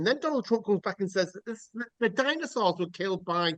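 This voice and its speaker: A man's voice: sits high, lively intonation, a little fast, fairly bright tone, no room sound. A man hosting a casual podcast chat, rambling through mock rants with jokes and the odd swear word. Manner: joking, rambling, swears freely. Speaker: podcast host.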